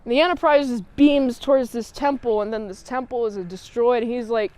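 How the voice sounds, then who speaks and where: A woman reviewer talks through an episode recap in a high, light voice. She rambles and jokes as she goes. Her energy is animated and playful. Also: moderate pace, few pauses, smooth, dry recording. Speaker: show reviewer.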